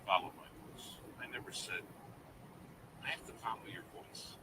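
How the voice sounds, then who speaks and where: A man's voice: fairly low pitch, normal speed, far from the mic, noisy background. A man preaching a sermon through a dramatic personal story, dropping to a near whisper at the tense moments.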